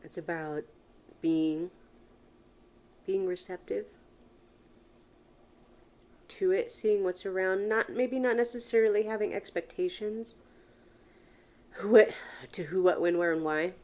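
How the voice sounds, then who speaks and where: A woman's voice: mid-range voice, slow pace, long pauses, a little mellow. A woman hosting a solo podcast, talking earnestly and frankly, posing many questions and swearing casually. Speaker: podcast host. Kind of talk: reflective solo podcast monologue.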